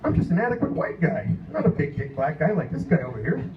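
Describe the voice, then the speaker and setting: A man's voice: a little high, very animated, quick pace, muffled recording. A middle-aged man doing a crude, self-mocking stand-up comedy set in a bar, acting out voices. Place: bar or club stage. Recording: echoey room, mic far off, noisy.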